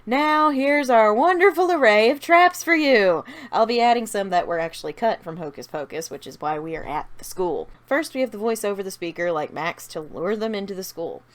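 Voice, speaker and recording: A woman's voice: fairly low pitch, expressive, a little fast, hardly any pauses. A woman casually narrating a fan-made story idea, with chatty asides to her viewers.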